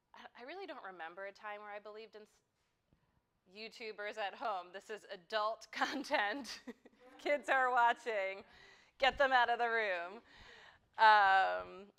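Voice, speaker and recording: A woman's voice: lowish voice, clean tone. A middle-aged woman leading a yoga class in an easygoing, conversational way, speaking to the students in the studio. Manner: relaxed and conversational, with frequent "um" and "like". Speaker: yoga teacher. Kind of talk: casual talk to a yoga class.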